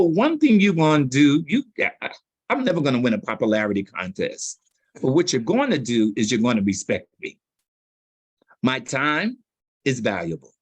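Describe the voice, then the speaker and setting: A man in a sit-down interview, spinning anecdotes with loose street slang. His pitch swings widely as he tells a story, and the recording is close and dry, with no room echo. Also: breathy edge. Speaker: public relations consultant, interview guest.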